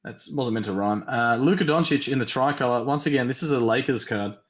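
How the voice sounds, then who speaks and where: A man hosting a live-stream trading card break, tired and yawning, chatty as he reads teams and cards in quick lists. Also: medium pitch, reverberant. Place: at a desk during a live stream.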